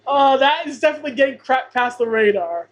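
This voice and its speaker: Higher-voiced woman chatting on a podcast. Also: expressive, a little fast, poor audio. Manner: chatty and emphatic, repeating her points. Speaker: podcast co-host. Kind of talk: casual chat about a sitcom episode.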